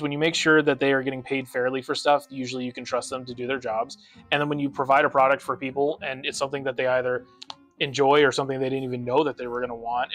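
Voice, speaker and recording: Fast-talking, ranting young man streamer. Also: mid-range voice. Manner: rambling, profane, ranting. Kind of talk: casual gaming stream chat.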